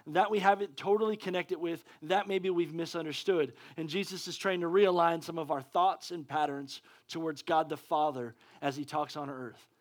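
A male preacher giving a sermon, excitable and often stumbling over restarts. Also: a little high.

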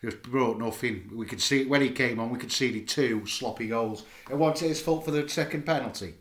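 A man's voice: mid-range voice, normal speed. Man, blunt, exasperated, football fan chat, roomy echo. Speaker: podcast co-host.

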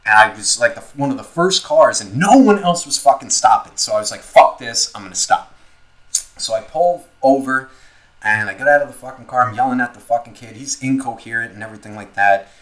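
A man's voice: medium pitch, a little fast, a bit bright, low-quality recording. A young man co-hosting a casual podcast, telling a story loosely and profanely with lots of filler words. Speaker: podcast co-host.

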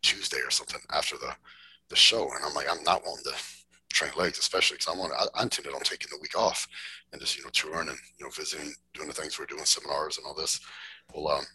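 Man, deep, gravelly, bright, drawling, swearing, laid-back chat. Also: steady tone, fast talker, no room sound, rough recording. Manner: laid-back drawl, swears freely, laughs through stories. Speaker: podcast guest, bodybuilder. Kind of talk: casual storytelling.

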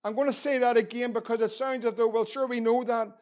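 A man's voice: extremely high pitch, little pitch movement, quick pace, darkish tone, lo-fi sound. A man with a Northern Irish accent preaching a sermon as pastor, earnest and repeating phrases for emphasis.

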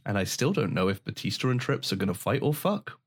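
A man co-hosting a podcast in casual chat, animated and slipping into mimicked voices. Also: on the low side, brisk, breathy edge. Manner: animated, mimics others mid-story. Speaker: podcast co-host.

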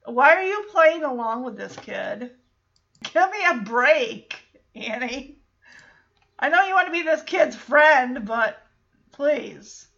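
Chatty high-voiced woman recapping. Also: slow pace, creaky, muffled recording. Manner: animated, laughing, acts out characters. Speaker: show recapper. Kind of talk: casual recap chat.

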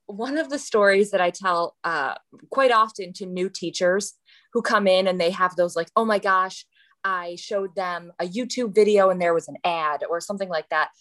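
A woman on a podcast, an elementary school teacher, chatting casually and telling lively stories. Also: on the low side, normal speed. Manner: animated storyteller, acting out voices.

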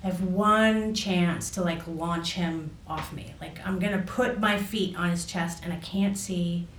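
A woman telling a personal story in a halting way, full of fillers and restarts. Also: lowish voice, steady tone, far from the mic, slight background noise. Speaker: guest recounting a personal experience. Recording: echoey room, voice off mic.

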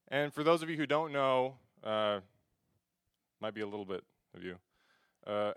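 A man's voice: medium pitch, clear, resonant tone, no echo. Give me a teenage boy from Alaska performing spoken word with a self-mocking delivery and a dry, close sound. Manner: self-mocking storyteller with sudden swings between hushed and loud.

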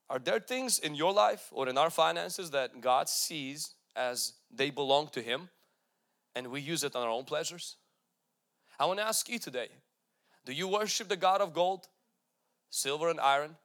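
A man's voice: fairly high pitch, fairly bright tone. A man preaching a sermon, emphatic, with repeated calls to the congregation. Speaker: pastor.

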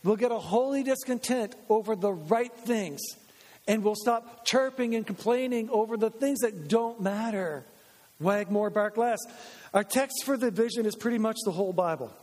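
A man preaching a sermon as pastor, energetic and repetitive, restating his points for emphasis. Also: sits high, normal speed, in a large hall. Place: church sanctuary.

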